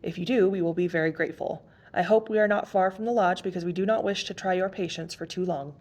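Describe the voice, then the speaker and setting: A woman's voice: lowish voice, fairly even intonation, fast, darkish tone, close to an everyday voice. A woman reading aloud and voicing a proud, formal young woman who answers sharply and correctly.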